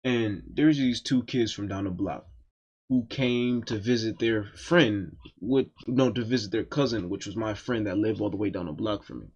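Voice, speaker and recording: A man's voice: fairly low pitch, normal speed, darkish tone. Profane man telling a story, lo-fi. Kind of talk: casual storytime monologue.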